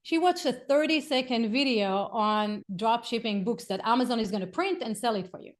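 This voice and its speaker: A woman with a notably high voice delivers a motivational business talk as a marketing coach. She speaks in a lively, conversational way, weaving in stories and playfully acted quotes. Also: moderate pace.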